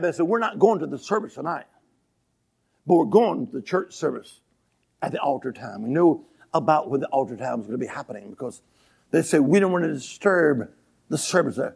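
A man preaching a revival sermon in a church, telling stories and breaking into shouted hallelujahs. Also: a little high, gravelly, husky. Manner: builds to shouting, exclamations of hallelujah. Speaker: evangelist preacher. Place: church sanctuary with congregation.

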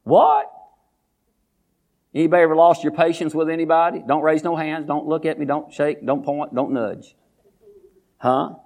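A man preaching a sermon as pastor, folksy, calling out to his congregation and reading scripture slowly and deliberately. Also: a little high, flat delivery, darkish tone. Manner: folksy, call-and-response with congregation.

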